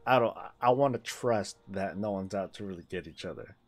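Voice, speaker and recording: A man with a somewhat low voice talks casually on a gaming livestream. He rambles, restarts sentences and laughs easily as he chats with his viewers. He speaks into a desk microphone. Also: fairly quick. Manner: rambling, self-interrupting, laughs often.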